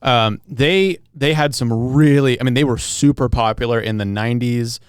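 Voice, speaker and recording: A young man co-hosting a podcast, chatting in a relaxed, rambling way with lots of ums and restarts. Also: medium pitch, normal speed, clear, resonant tone, no room sound, studio quality. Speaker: podcast co-host. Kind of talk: casual chat.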